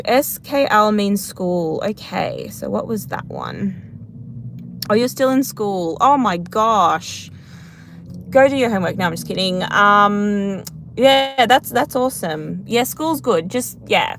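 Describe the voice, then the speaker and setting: A woman's voice: mid-range voice, very animated, slow, gravelly, fairly bright tone, a little hiss or hum. A woman in her thirties hosting a live Q&A, chatting casually, rambling and laughing at herself as she reads comments. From Australia. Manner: rambling, chatty, self-deprecating. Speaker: livestream host answering comments.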